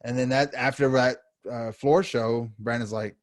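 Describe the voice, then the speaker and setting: With few pauses and normal speed, a man co-hosting a podcast tells stories in easy chat, acting out what people said with big jumps in pitch. The audio is clean studio sound with no room sound.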